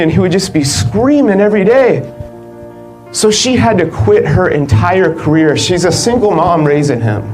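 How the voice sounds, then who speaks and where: Animated male motivational keynote speaker. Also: high voice, low-quality recording. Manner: animated, conversational, many "like" fillers, laughs between lines. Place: live event stage.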